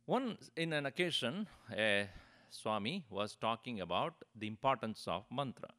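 A man's voice: medium pitch, expressive, moderate pace, sharp tone. A man teaching a spiritual discourse, explaining with rhetorical questions and light chuckles. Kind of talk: religious discourse.

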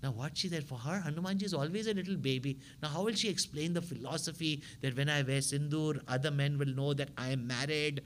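A man delivers a storytelling sermon as a spiritual teacher. He talks in an animated way and keeps checking in with his listeners through short tag questions. His voice sits somewhat above the usual male pitch. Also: quick pace, few pauses, a little hiss or hum.

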